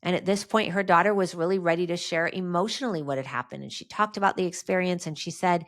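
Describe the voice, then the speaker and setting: A woman's voice: on the low side, a little fast. A middle-aged woman hosting a faith-based podcast, talking earnestly about trauma and healing through personal stories. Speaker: podcast host.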